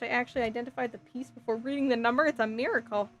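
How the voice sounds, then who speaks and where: Building a model kit on stream, a woman with a slightly high voice talks at a quick pace, reading viewer comments and rambling with lots of fillers and restarts. Her voice is growing faintly hoarse, and soft music plays quietly beneath her.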